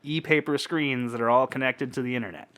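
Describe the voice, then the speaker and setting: A man's voice: medium pitch, fairly even intonation, a little fast, fairly bright tone, clean tone. A man co-hosting a casual podcast, chatting and joking as he reads out odd news stories. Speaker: podcast co-host. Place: home podcast setup.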